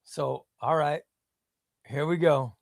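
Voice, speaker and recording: A man hosting a live stream, chatting casually and bursting into loud exclamations before dropping to quiet muttering. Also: fairly high pitch, slow, creaky, dry recording, studio quality. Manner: excitable, shouts names then drops to muttering.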